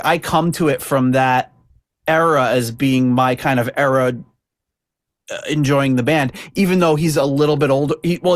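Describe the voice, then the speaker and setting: A man co-hosts a music podcast and chats casually about lyrics. He rambles and doubles back, full of "like" and "you know". His mid-pitched voice sounds close and dry, with no room echo. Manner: rambling, hesitant, many fillers and restarts. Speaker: podcast co-host.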